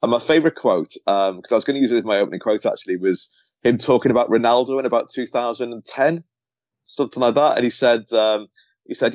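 A man's voice: medium pitch, fast talker, darkish tone, no echo, muffled recording. A man who co-hosts a football podcast, telling rambling anecdotes from his time as a sports journalist with lots of restarts. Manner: rambling storyteller with many restarts. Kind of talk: casual chat, anecdote telling.

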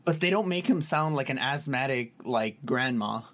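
A man co-hosting a casual podcast, animated, his voice swinging high and low, swearing casually. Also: normal speed. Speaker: podcast co-host. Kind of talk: casual chat.

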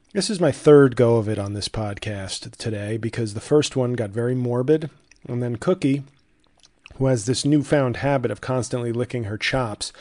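A man hosts his own comedy podcast alone from a home studio, talking at a middle pitch. He rambles in a dry, sardonic way, swears freely and mocks himself between asides. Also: darkish tone. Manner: sardonic, profane, self-mocking rambling. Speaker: podcast host. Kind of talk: solo comedic podcast monologue.

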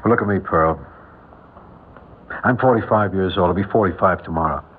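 A man's voice: sits low, normal speed, husky. An actor in his forties playing a shy, kindly bachelor who owns a filling station, talking hesitantly and stammering in an old radio drama. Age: 40s. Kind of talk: 1950s radio drama acting. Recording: tinny old radio broadcast.

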